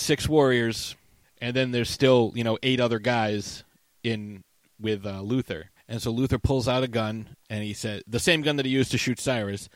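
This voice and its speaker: A man casually recapping a movie scene with a co-host, animated and swearing freely. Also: medium pitch, no echo.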